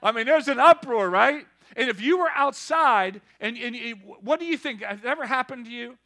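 Man preaching, high voice, bright tone, call-and-response, rising to shouts. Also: lively intonation, normal speed. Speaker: pastor. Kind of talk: sermon.

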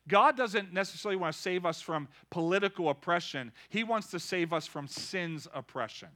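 A man preaching a lively sermon, calling out to the congregation and building to shouts. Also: sits high, moderate pace, few pauses. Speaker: pastor.

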